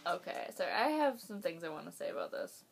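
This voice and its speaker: A woman's voice: on the low side, sing-song, brisk, gravelly, soft background music. A young woman, hosting a casual reaction video, emotional and swearing, laughing through tears.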